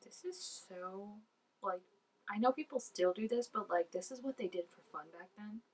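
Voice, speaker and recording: A woman giving casual, excitable reaction commentary, full of "like" and dropping into soft asides. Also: mid-range voice, moderate pace, breathy edge, distant mic, poor audio. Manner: chatty and excitable, peppered with "like", drops to soft asides. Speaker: reaction video host.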